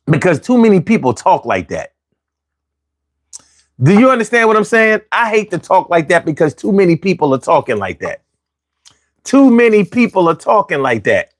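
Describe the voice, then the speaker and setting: A man's voice: sits high, big pitch swings, normal speed, long pauses, no echo, clean studio sound. A man hosting a casual talk show for viewers, speaking conversationally, asking rhetorical questions and repeating phrases for emphasis. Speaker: vlog host.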